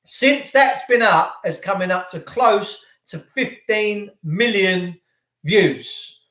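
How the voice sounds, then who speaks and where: A man hosting a live stream from home, talking to viewers in an excitable, effusive, rambling way. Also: sits high, takes it slowly, echoey room. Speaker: channel host. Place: indoors at home.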